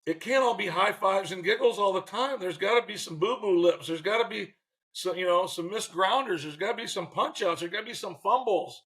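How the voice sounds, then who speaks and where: A man in his sixties, a former baseball manager, telling lively stories as an interview guest and acting out what people said. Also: high-pitched, fairly quick. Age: 60s. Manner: animated, acts out quotes in voices. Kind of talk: storytelling in a faith interview.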